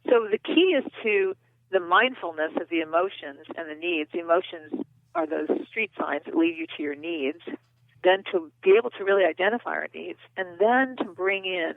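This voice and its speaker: A woman's voice: lowish voice, moderate pace, gravelly, dry recording. A woman therapist and author, explaining earnestly as a guest in a phone interview. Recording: tinny dry phone line.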